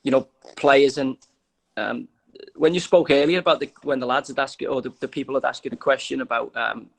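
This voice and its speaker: A man's voice: mid-range voice, fairly even intonation, a little fast, creaky, a bit bright, rough recording. A man from England, a former footballer, talking as a guest in a casual interview, rambling with restarts and lots of "you know".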